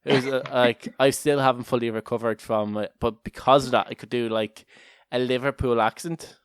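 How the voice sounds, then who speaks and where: A man's voice: medium pitch, fairly even intonation, moderate pace, smooth, no echo, studio quality. A man co-hosting a casual podcast chat, rambling, restarting often and laughing a lot. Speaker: podcast co-host.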